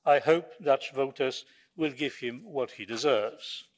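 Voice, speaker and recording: A man's voice: mid-range voice, measured pace. A man from Poland, giving a formal, combative and sarcastic speech as a member of parliament in a large chamber. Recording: long reverb of a large hall.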